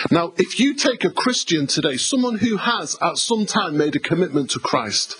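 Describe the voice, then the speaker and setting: A man's voice: a little high, big pitch swings, moderate pace, hardly any pauses, a bit bright, slightly rough, rough recording. An English man preaching a sermon as pastor, emphatic and conversational, repeating himself and speaking to the congregation. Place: church hall.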